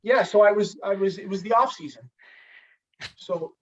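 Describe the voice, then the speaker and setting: A man, a former hockey goalie, telling a story in a casual, animated way and swearing freely. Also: sits high, normal speed. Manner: animated, profane, acts out dialogue. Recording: slightly distant, dull lo-fi sound.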